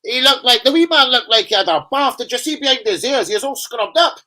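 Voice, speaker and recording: A man putting on a high, loud Scottish gossip. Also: lively intonation, fast, full character voice. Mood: gossipy. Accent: put-on Scottish. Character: chatty Scottish man gossiping about a player.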